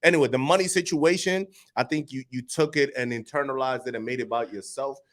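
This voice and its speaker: A man's voice: mid-range voice, quick pace, a bit bright. A man hosting a podcast, talking casually and giving blunt, direct advice. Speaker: podcast host. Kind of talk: casual chat.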